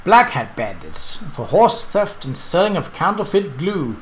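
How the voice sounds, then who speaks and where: A man casually commenting on his gameplay and reading the game's text aloud, chatty and quick to correct himself. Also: high voice, very animated, a little hiss or hum. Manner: chatty, self-correcting, laughs at the game. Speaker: let's play host.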